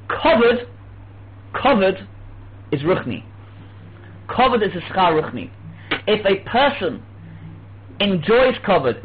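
A man teaching a religious lesson, telling stories lively and acting out quoted dialogue. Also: high-pitched. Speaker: Torah teacher. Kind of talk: religious lecture. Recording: tinny phone-like with faint hum.

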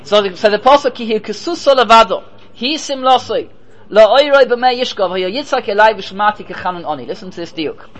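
A man's voice: sits high, lively intonation, fairly quick, fairly bright tone, low-quality recording. Rabbi guy lecturing on torah, punchy, keeps asking then answering his own questions, throws in hebrew and yiddish words. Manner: emphatic, asks and answers rhetorical questions; mixes in Hebrew and Yiddish terms. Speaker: rabbi teaching.

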